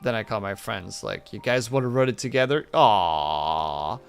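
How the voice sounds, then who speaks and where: A man's voice: medium pitch, fairly even intonation, brisk, creaky, faint music behind. A man streaming, chatting casually and reflectively with viewers, rambling with many fillers.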